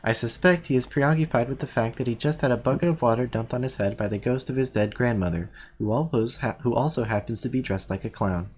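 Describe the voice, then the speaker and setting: A reader voicing a dry, sardonic, analytical teenage girl in a deadpan, wordy manner. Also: mid-range voice, fast, hardly any pauses, a little hiss or hum, natural voice. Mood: wry. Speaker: reader and organizer in a group readthrough. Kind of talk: live unscripted fan script reading.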